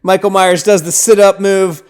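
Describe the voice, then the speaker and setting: A man hosting a podcast, casually recapping a film scene by scene, with lots of "like" and "right?", dropping to a hush for tense moments. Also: high-pitched, little pitch movement, moderate pace, clean tone. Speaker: podcast host.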